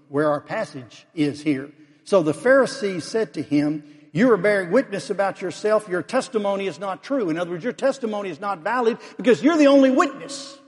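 A man preaching an expository sermon, sometimes acting out the Pharisees' voices with rising pitch. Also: darkish tone, husky. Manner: fillers and restarts, expository. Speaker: pastor. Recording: long hall reverb.

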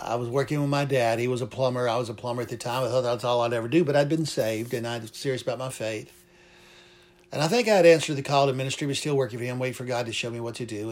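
A man's voice: mid-range voice, darkish tone. A man preaching a sermon, fervent and emphatic, repeating phrases for emphasis. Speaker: pastor.

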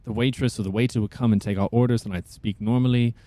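A man's voice: mid-range voice, steady tone, quick pace, dark tone, no room sound. A man who is a voice actor, chatting as a guest in a casual interview, rambling and often restarting his sentences.

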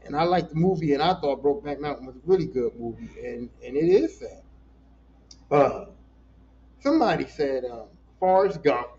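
A man hosting a casual solo podcast, ranting in an animated, profane way and talking back to his listeners. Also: a little high, normal speed, muffled recording. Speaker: podcast host.

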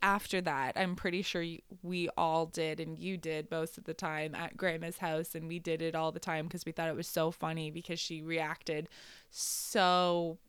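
A young woman co-hosting a podcast, chiming in with relaxed, agreeable casual chat. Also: low-pitched, moderate pace, smooth, dry recording. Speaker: podcast co-host.

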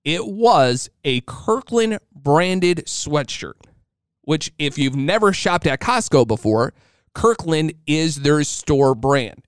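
A man in his thirties hosting a podcast alone, telling a story in an animated, chatty, jokey way. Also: fairly high pitch, takes it slowly, smooth, dry recording, studio quality. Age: 30s. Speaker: podcast host. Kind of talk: casual solo storytelling.

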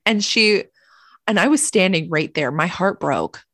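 A woman with a fairly low voice tells a story in a loose, animated way on a chat podcast. She swears freely and often breaks into laughter. Her voice is recorded close and dry. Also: measured pace, dry recording. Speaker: podcast co-host.

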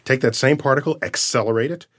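Man, science guest, lively explainer with big theatrical emphasis. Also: mid-range voice, fast talker. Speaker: astrophysicist guest. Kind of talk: casual conversation.

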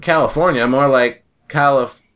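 A man's voice: medium pitch, moderate pace, fairly bright tone. A man in casual chat with friends, telling stories animatedly and laughing often.

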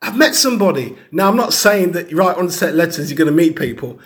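A man's voice: fairly high pitch, fast talker. Earnest man telling stories. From Caribbean heritage. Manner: earnest, storytelling, acts out quoted people. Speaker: speaker on grief and bereavement. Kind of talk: teaching talk with personal stories.

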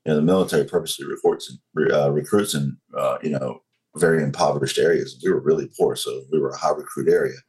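This is a North Carolina man in his forties with a Southern accent, recounting his own story in an interview at a slow, measured, candid pace. His very deep voice has fairly even intonation and a darkish tone, captured on a rough recording.

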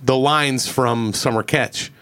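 A man's voice: medium pitch, slow pace, a bit bright. A man, telling a long story on a casual podcast, rambling, swearing and repeating his words. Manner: rambling, profane, repeats words, acts out quoted voices.

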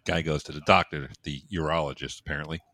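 A man trading crude jokes in a casual chat, with loud bursts of laughter and voices for the characters in his jokes. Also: a bass voice, fairly even intonation, fast, no room sound, studio quality.

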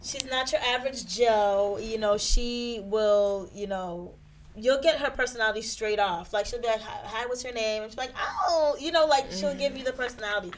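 A woman from a Haitian family hosting a casual podcast, talking in a relaxed, conversational way. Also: fairly high pitch, moderate pace, a little hiss or hum.

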